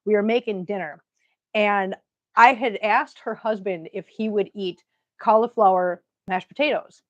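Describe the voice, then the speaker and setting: A woman with a Minnesotan accent hosts a casual livestream in a medium-pitched, unhurried voice, the audio dull and without room sound. She greets viewers warmly, chats with them and tells stories.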